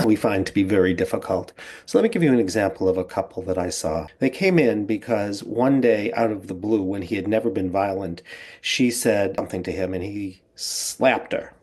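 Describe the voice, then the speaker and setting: Male therapist, lowish husky voice, calm reflective storytelling about a case.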